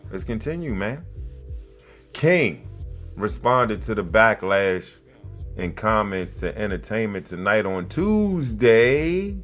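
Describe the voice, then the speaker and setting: A man's voice: takes it slowly, soft background music. A man hosting a podcast, reading a news article aloud and mocking it with profane, sarcastic asides. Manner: jumps between flat reading and loud, high outbursts. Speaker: podcast host. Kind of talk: casual news commentary.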